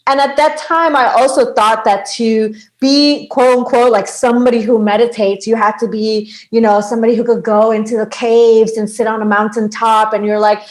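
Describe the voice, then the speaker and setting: Woman guest, 30s, from Bangladesh, slightly high voice, easygoing chat, laughs a lot. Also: flat delivery, moderate pace, few pauses, poor audio. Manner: chatty, laughs often, lots of "like". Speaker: podcast guest, sound healer. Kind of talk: casual conversation.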